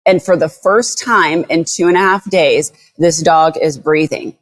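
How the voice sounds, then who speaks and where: Lowish-voiced woman, rescue founder guest, tells it animated and blunt, swears a bunch. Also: unhurried. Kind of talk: podcast interview storytelling.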